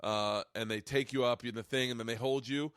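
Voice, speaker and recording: A man hosting a podcast, telling a rambling, excitable story in casual chat. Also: mid-range voice, brisk, smooth, dry recording, studio quality. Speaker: podcast host. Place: home studio.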